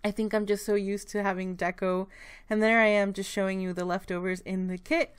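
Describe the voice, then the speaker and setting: A young woman narrating a planner vlog in a chatty, rambling way, her voice a bit hoarse and breaking. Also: medium pitch, little pitch movement, fairly quick. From Texas. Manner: chatty, rambling, with many fillers and restarts. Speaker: planner vlogger. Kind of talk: casual voice-over narration.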